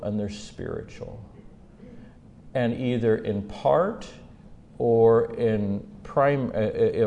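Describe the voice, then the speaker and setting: A man giving an animated sermon, retelling Bible stories and swinging from quiet asides to loud, emphatic peaks. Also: on the low side, vocal fry, a little hiss or hum. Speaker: speaker teaching on faith and mental health.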